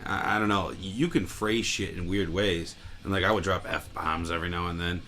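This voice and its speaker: Casting: low-voiced man with a bright edge, ranty podcast co-host, profane and jumpy. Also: steady tone, moderate pace. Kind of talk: casual podcast chat.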